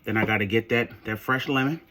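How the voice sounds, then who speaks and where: A man from Maryland hosting a casual cooking tutorial in his home kitchen, sassy and animated, calling viewers honey and swearing casually. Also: lowish voice, fast talker. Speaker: cooking channel host.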